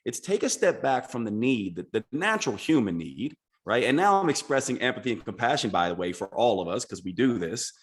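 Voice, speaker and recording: A man's voice: medium pitch, very animated, fairly quick, few pauses. A man speaking as a podcast guest, explaining his ideas earnestly and in structured steps. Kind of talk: casual podcast conversation.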